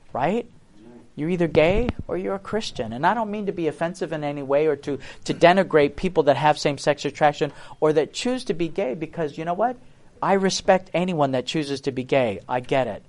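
This is a man giving a preaching testimony, his voice sitting a little higher than most men's. He speaks earnestly and with emphasis, often turning to the listeners with rhetorical questions. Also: darkish tone.

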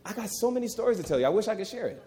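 A man's voice: high-pitched, very animated, racing, mellow, a little hiss or hum. A middle-aged man preaching a sermon, emphatic and folksy, repeating key phrases and talking to the crowd as "y'all".

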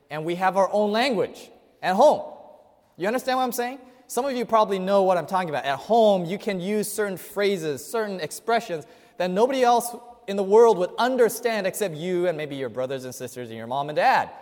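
A male pastor with a fairly high voice preaches to his congregation, often putting questions to them. His delivery moves from ringing emphasis down to near-hushed asides. The sound carries a long hall echo from the church. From Chinese family. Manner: asks the audience questions, swings between loud and hushed. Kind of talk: sermon. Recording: hall reverb.

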